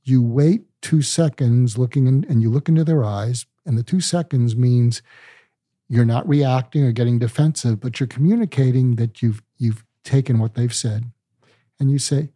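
An older male psychiatrist, calm and deliberate, explaining ideas with medical analogies in an interview. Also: medium pitch, no room sound, studio quality. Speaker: psychiatrist guest.

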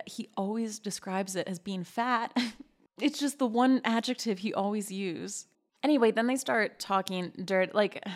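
A woman hosts a podcast in a casual, talky manner. She speaks candidly and comments freely as she goes. Her voice sits at an ordinary middle pitch. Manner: candid and chatty. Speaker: podcast host. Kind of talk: casual commentary while reading messages aloud.

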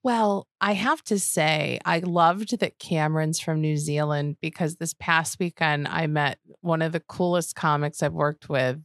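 A woman's voice: low-pitched, a little slow, few pauses, no echo, studio quality. A woman co-hosting a casual chat podcast, telling stories with lots of laughter. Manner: animated storyteller, laughs often. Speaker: podcast co-host.

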